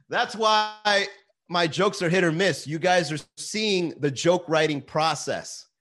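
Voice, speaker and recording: A man hosting his own daily livestream as a comedian, swearing often and reading viewer comments aloud. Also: high-pitched. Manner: animated, swears often, reads chat aloud. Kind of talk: profane casual livestream chat.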